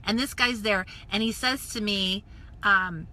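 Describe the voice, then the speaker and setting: A woman from the United States telling a story in a casual, animated live stream, acting out voices and dropping into whispered asides. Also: medium pitch, measured pace, a little hiss or hum. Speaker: network marketing coach. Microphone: phone or webcam live stream.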